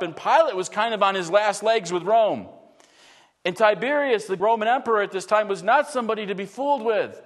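A man preaching an expository sermon, vividly retelling the scene and asking the congregation rhetorical questions. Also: high voice. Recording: long reverb in a large hall.

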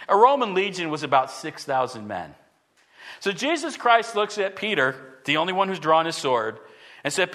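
A male pastor preaching a sermon, animated and full of rhetorical questions, swinging from loud emphasis to hushed tones. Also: on the high side, fairly quick. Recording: long hall reverb.

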